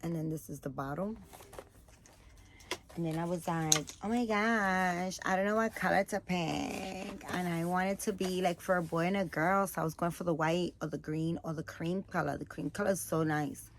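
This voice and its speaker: A tired woman talks casually to her viewers, rambling with plenty of fillers. Her voice sits a little low, and a faint room ambience hums behind her. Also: steady tone, normal speed, slight background noise. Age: adult, has a daughter. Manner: chatty, rambling, many fillers. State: tired, yawning. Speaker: vlogger showing baby doll items. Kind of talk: casual chat to camera.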